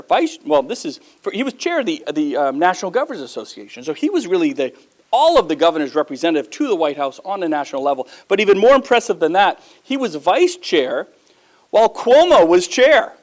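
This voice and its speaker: A man giving a lively, joking introduction to a breakfast audience, with big jumps in pitch. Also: a little fast. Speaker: guest speaker introducing a governor. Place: event room with audience.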